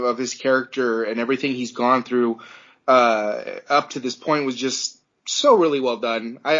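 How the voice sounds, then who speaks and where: A man's voice: medium pitch, a bit bright, lo-fi sound. A podcast producer, a man, chatting casually and talking earnestly and emotionally.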